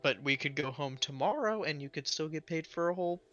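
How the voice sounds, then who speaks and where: Higher bright guy playing tabletop, kinda dull lo-fi sound, music under it. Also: expressive, a little fast. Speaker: player. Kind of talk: casual tabletop play.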